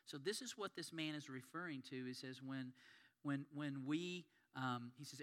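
A man's voice: medium pitch, normal speed, fairly bright tone. A man preaching a sermon in an earnest, conversational storytelling manner. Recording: long hall reverb.

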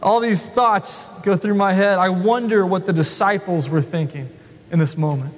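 A male pastor preaching a sermon in an animated, self-deprecating way, acting out the people he talks about. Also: high-pitched, moderate pace. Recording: long hall reverb.

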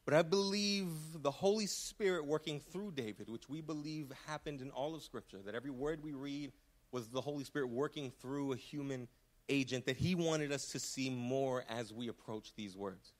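A man's voice: mid-range voice, moderate pace. A man preaching a sermon in a church, earnest and impassioned, often restarting his words. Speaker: pastor. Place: church sanctuary.

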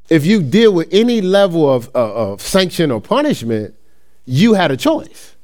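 Animated man teaching a Bible class. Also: a little high, moderate pace. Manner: reads scripture aloud, then explains with personal stories; restarts sentences and asks listeners "right?". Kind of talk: conversational Bible study teaching.

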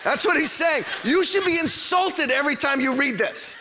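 Male pastor, middle-aged, high voice, bright tone, playful sermon, hushed to near-shouting. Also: moderate pace, some chatter behind. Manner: animated and jokey, swings from hushed to near-shouting. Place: church auditorium.

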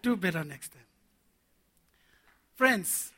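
A man preaching a sermon to men, animated and laughing as he acts out little scenes. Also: high voice, slow pace, slight background noise.

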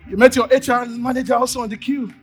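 A Nigerian man preaching a sermon in church, acting out little scenes in quoted voices and swinging from loud bursts to quiet asides. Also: very high-pitched, steady tone, quick pace, faint music behind. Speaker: pastor. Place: church service.

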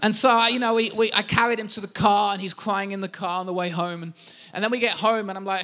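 A man's voice: high voice, fairly even intonation, quick pace, pushed and bright. A man in his thirties, a pastor, preaching a sermon and telling family stories with self-deprecating humor.

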